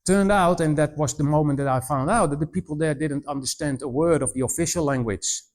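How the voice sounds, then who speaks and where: A man in his forties giving a missionary presentation to students, telling stories in an animated way, mimicking voices and often restarting his sentences. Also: on the high side, a little fast. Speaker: missionary speaker. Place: college presentation room.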